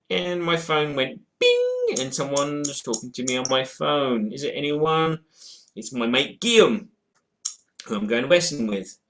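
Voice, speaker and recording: A man's voice: on the high side, pushed and bright. A man in a casual webcam chat about board games, answering viewer questions in a rambling, hesitant way with lots of fillers and restarts. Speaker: board game vlogger. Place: at home in front of a game shelf.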